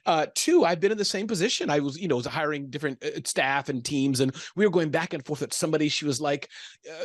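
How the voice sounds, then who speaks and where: Upbeat male interviewer, lively, slightly high voice, dry close recording. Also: fast, dry recording. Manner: enthusiastic, animated, laughs often. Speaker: interview host. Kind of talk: conversational interview.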